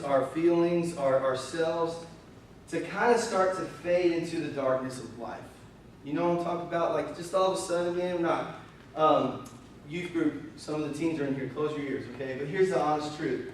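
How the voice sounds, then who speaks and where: A man preaching a storytelling sermon as youth pastor, animated and conversational, his voice a little strained. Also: a little high, a little hiss or hum. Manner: animated, conversational, breaks into laughter. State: slightly strained voice. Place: church hall. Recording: very echoey hall, voice from far off.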